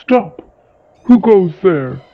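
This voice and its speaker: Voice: medium pitch, slow, creaky, slightly rough, no room sound, narrow, tinny audio, heavily acted. A reader voicing a jumpy, timid male fuzzbuzz sentry in a storybook, talking in a nervous, stammering way. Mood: shouting.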